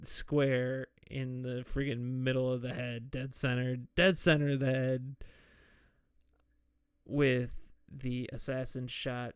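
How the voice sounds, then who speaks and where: A man hosting a podcast, slowly and casually retelling a movie's plot with jokey asides. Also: mid-range voice, gravelly, clean tone, dry recording, studio quality. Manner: slow, laid-back retelling with jokey asides and mock quoted voices. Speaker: podcast host. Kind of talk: casual solo movie recap.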